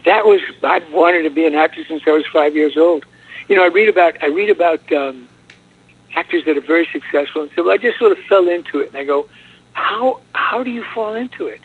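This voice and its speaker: An older man with a soft, husky, breathy voice and a slightly raised pitch tells rambling stories in a chatty, easygoing way. He is heard over a telephone line, so the sound is dull and lo-fi. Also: brisk. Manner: chatty, rambling anecdotes with restarts. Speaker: voice actor guest. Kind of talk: casual interview storytelling.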